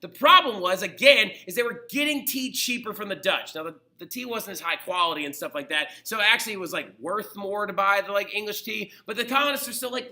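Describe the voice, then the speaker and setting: A young man teaching a history lesson in a casual, animated way, often checking in with "right?". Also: high-pitched, brisk, hardly any pauses. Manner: animated and conversational, acts out quotes, says "right?" often. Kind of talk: recorded history lecture.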